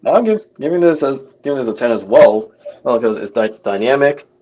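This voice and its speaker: Lively, stammering male panelist. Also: mid-range voice, brisk, dull audio. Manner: stumbling over words, earnest. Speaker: guest panelist. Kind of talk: casual podcast chat. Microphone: video call.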